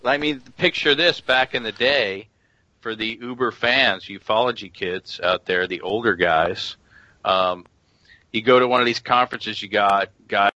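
Male host, low and forceful, loose chatty delivery, dry and dull recording. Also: a little slow, dry recording. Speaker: podcast host. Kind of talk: casual podcast chat. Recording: dull lo-fi audio.

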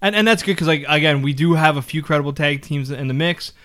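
A man's voice: on the high side, fast talker. A man co-hosting a casual chat show who recaps wrestling step by step and often restarts with "um". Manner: steady storyteller, restarts often with "um". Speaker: podcast co-host.

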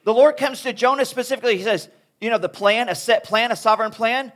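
A man preaching a sermon to young people as a youth speaker, talking in an animated, conversational way. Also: extremely high pitch, quick pace.

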